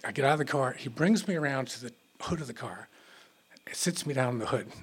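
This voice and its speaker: A man telling a true story on stage before a live audience, animated and halting, with many restarts. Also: mid-range voice, husky.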